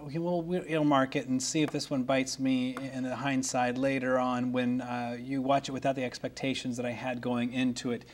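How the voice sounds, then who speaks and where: A man's voice: mid-range voice, level tone, normal speed, few pauses. A man co-hosting a film podcast, talking casually and enthusiastically with many restarts and asides. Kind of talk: casual film review chat.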